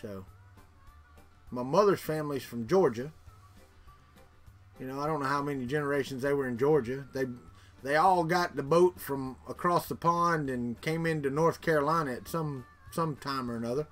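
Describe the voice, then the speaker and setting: A man's voice: mid-range voice, moderate pace, fairly bright tone, soft background music. A middle-aged man from Florida with a Southern accent, chatting casually with live viewers in a rambling way, repeating words and chuckling. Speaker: livestream host.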